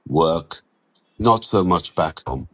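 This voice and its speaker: A man voicing a weary Romanian migrant laborer who speaks halting, broken English with a Romanian accent, sad and tired. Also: low voice, animated, a bit bright, heavily acted, low-quality recording.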